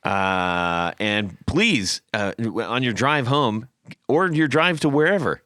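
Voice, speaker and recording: A man's voice: mid-range voice, animated, takes it slowly, sharp tone, dry recording, studio quality. A man hosting a podcast, giving upbeat thanks and a friendly sign-off. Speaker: podcast host. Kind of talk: casual chat.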